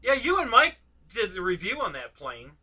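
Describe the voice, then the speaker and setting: A man's voice: sits high, huge pitch swings, moderate pace, pushed and bright, slightly rough. A man hosting a casual live stream chat, talking easily, laughing often and asking his guests questions.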